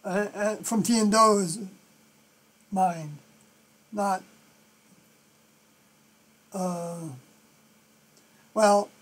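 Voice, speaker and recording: A live stream host with a New York accent, thinking aloud through scripture commentary and often trailing off softly. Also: medium pitch, steady tone, very slow, pauses often.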